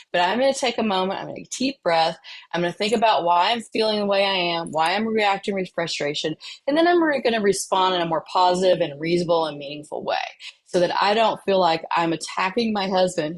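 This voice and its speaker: Woman, training presenter, conversational, mid-pitched voice. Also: lively intonation, brisk. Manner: conversational, with fillers and illustrative stories. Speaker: workplace mental health presenter.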